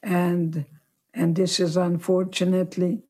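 A woman in her nineties, a guest telling her life story slowly and reflectively. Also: on the low side, little pitch movement, a little mellow, breathy edge. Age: 90s.

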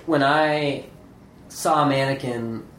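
A man as a podcast guest, talking in a halting, earnest way with frequent restarts. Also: mid-range voice, fairly even intonation, fairly bright tone, echoey room, a little hiss or hum, low-quality recording. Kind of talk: casual interview chat.

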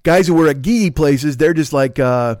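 Middle-aged male podcast host, Chicago accent, salty and animated storyteller, higher pitch, dry close sound. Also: moderate pace, no room sound. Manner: animated, swearing, laughing storyteller. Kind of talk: profane casual storytelling.

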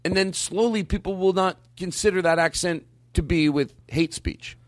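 A man's voice: high-pitched, moderate pace, no echo. A man hosting a comedy show in a studio, bossing people around with mock authority, shushing and laughing between lines. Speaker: podcast host. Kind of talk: comedic banter.

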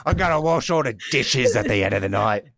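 A man voicing Jesus's gloomy, fed-up twin brother in a put-on British accent, loud and full of slang. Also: mid-range voice, animated, moderate pace, vocal fry. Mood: miserable.

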